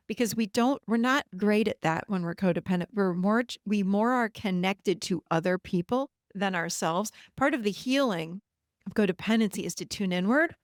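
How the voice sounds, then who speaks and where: A woman's voice: mid-range voice, no echo. Woman podcast host, middle-aged, direct and encouraging, conversational teaching, dry close-miked sound. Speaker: podcast host and codependency coach. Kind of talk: solo podcast teaching monologue.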